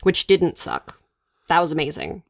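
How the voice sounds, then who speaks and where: A woman co-hosting a podcast, chatty and quick to laugh as she chimes in. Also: deep voice, wildly swooping pitch, gravelly, dry recording, clean studio sound. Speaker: podcast co-host. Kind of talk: casual chat.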